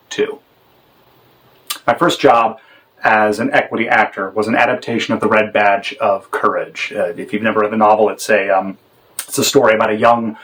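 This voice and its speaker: A man's voice: mid-range voice, poor audio. Man teaching directing, acting out sample lines. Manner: measured, demonstrative, acts out sample lines. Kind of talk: instructional talk on directing.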